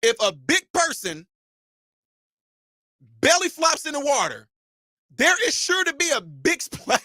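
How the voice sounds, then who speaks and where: Emphatic man ranting with lively pitch. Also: measured pace, long pauses, dry recording. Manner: preachy, emphatic, frequent shouted punchlines; mocks imagined critics in a mimicking voice. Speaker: channel host. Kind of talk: animated commentary rant.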